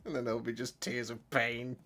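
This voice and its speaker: A man's voice: mid-range voice, level tone, brisk, bright, forceful tone. A middle-aged man hosting a live stream. He thanks viewers while painting miniatures, gets emotional, laughs often and says thank you again and again. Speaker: channel host.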